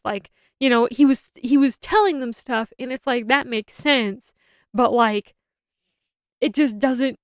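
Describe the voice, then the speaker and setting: A woman's voice: on the high side, measured pace, clean tone, dry recording, studio quality. Rambling, opinionated young woman reviewer. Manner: rambling, opinionated, frequent self-restarts. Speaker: film reviewer. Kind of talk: casual spoken film review.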